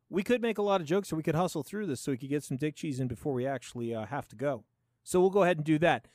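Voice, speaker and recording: A man's voice: a little high, racing, no echo, studio quality. A middle-aged man hosting a podcast, riffing through sarcastic comedic commentary with frequent laughs. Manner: animated, sarcastic, laughs often. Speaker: podcast host.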